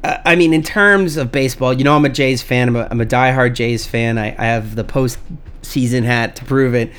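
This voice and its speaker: A man's voice: medium pitch, normal speed, fairly bright tone, smooth. A young man co-hosting a casual comedy podcast, joking, swearing and exaggerating for laughs. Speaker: podcast co-host.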